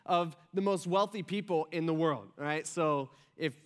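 A male pastor preaching a sermon in a casual, conversational way, often checking in with the congregation and dropping low and soft for emphasis. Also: moderate pace, smooth. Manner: conversational, frequent "right?" asides; acts out quoted voices, drops soft and low for emphasis.

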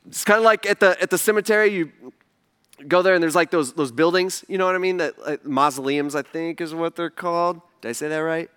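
A man preaching a sermon as pastor, casual and emphatic, with lively asides to the congregation. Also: fairly high pitch, fairly quick, clean tone.

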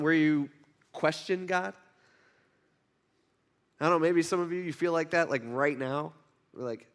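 A male pastor preaching in a relaxed, conversational way, with a high voice for a man. He tells the story with animation and keeps stopping to restart his sentences. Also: normal speed, long pauses. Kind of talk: conversational sermon.

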